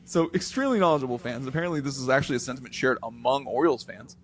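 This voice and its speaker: A man's voice: mid-range voice, animated, very fast, slight background noise. A man co-hosting a casual sports podcast, telling stories playfully and laughing often. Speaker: podcast co-host.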